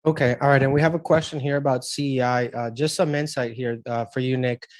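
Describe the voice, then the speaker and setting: A man hosts a live trading webinar and puts viewer questions to his guest in a loose, casual way, full of fillers. His pitch is medium. The recording is dry and close-miked. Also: steady tone, fairly quick, dry recording. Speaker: webinar host.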